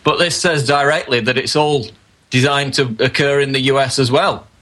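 A man, a guest writer, explaining a document in a steady, matter-of-fact way. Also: mid-range voice, moderate pace. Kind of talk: explanatory commentary.

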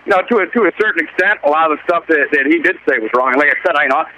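A man's voice: a little high, racing, bright, forceful tone, rough recording. A man calling into a radio show, hesitant and repeating himself as he politely disagrees. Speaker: caller. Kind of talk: call-in radio conversation.

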